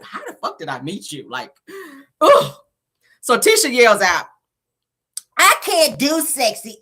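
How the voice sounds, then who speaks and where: A sassy woman dishes a reality show recap in casual gossip, laughing often and acting out the quotes. Her pitch swings all over, her tone is bright and sharp, and her voice has a husky edge.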